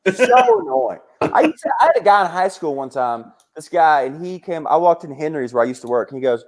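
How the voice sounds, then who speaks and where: A young adult man, a comedian telling fight stories in casual chat. He swears freely and jumps into high voices when he quotes people. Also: lively intonation, a little fast, few pauses. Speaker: comedian guest. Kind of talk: casual storytelling.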